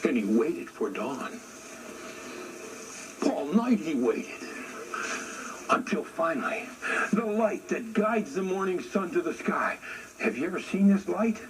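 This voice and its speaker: A male storyteller leads the listener through a traditional animal tale, slow and deliberate. His voice swoops up and down expressively. A steady hiss of noise runs under the recording. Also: on the high side. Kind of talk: oral storytelling for an audience. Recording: noisy recording.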